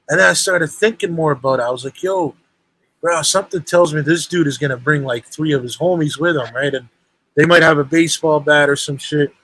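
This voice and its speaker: Young man, slightly high voice, rambling street-slang storyteller, casual call-in chat. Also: fairly bright tone, low-quality recording. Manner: rambling, street slang, lots of "bro" and "right?".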